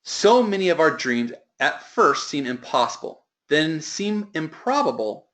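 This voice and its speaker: A man's voice: fairly high pitch, sing-song, a little slow, fairly bright tone. A man giving a motivational sales training talk to a team, with emphatic delivery that lifts and drops.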